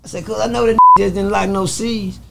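A man from Texas, telling prison stories in an animated, profane, casual interview style and acting out the quotes. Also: high voice, brisk, vocal fry, very noisy. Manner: animated, profane, laughs through the story. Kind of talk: casual storytelling with acted-out quotes.

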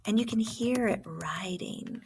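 A woman's voice: mid-range voice, a little slow, a little mellow, slight background noise. Woman teacher explaining a lesson. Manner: explanatory, walking students through examples. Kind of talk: online classroom lesson.

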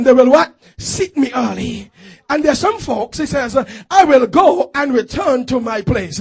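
A man's voice: very high-pitched, husky. A man pastor preaching a fervent call-and-response sermon in a church, urging the congregation to repeat phrases after him.

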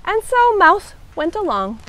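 A woman librarian doing a children's storytime reading, animated and expressive. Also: extremely high pitch, unhurried. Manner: animated, expressive read-aloud.

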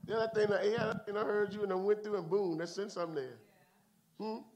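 Teaching a midweek Bible study, this man, a pastor, has a lively preaching style, alternating booming bursts with hushed side comments. His pace is slightly quick.

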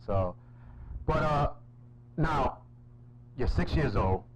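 A man's voice: mid-range voice, animated, slow pace, a little hiss or hum, rough recording. A man hosting a casual interview, joking and laughing often. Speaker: host.

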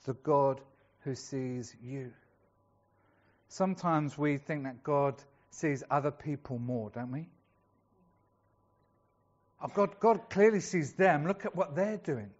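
A man's voice: fairly high pitch, a little slow, a little mellow, dull audio. A male pastor preaching a sermon in a chatty storytelling way, acting out the voices of the people in the story.

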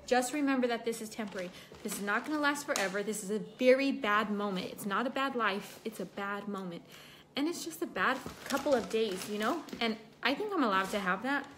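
Woman host, fairly high voice, chatty livestream talk over makeup, emotional, faint room hum behind. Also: animated, a little fast, fairly bright tone. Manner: chatty, reads out viewer comments while doing makeup. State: emotional, recovering from a broken foot. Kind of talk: casual livestream chat.

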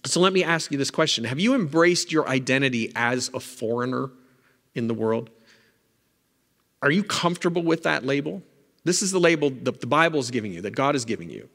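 A male pastor giving a sermon in a conversational way, often checking in with the congregation with quick asides. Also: medium pitch, a bit bright, big-room sound. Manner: conversational preaching, frequent "right?" asides. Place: church sanctuary.

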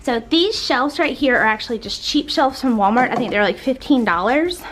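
A woman's voice: on the high side, animated, normal speed, a bit bright, faint music behind. A young woman gives a chatty, upbeat tour of her home for a vlog, a little out of breath, with lots of fillers. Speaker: homeschooling mom vlogger.

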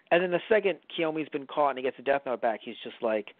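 A man co-hosting a casual movie review podcast, talking in an animated, rambling, profane way. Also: fairly high pitch, fast, few pauses, no echo. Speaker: podcast co-host. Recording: dry, phone-like line.

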